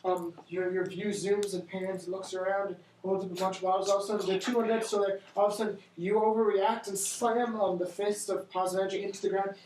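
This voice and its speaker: Halting young game master in an echoey room. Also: male voice, sits high, flat delivery, a little mellow, slight background noise. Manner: halting, many restarts and ums while describing scenes. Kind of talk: narrating a tabletop game.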